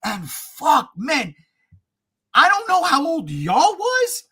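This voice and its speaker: Man, podcast co-host, casual chat, excitable, animated pitch, bright tone. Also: slow pace. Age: adult. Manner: excitable, swearing, laughing fan.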